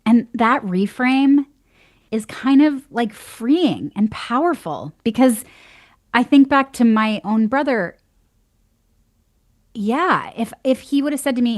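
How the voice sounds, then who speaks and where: Animated woman telling stories. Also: a little high, slow pace, pauses often. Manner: animated storyteller, acts out quoted voices, laughs often. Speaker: podcast guest. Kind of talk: casual conversation.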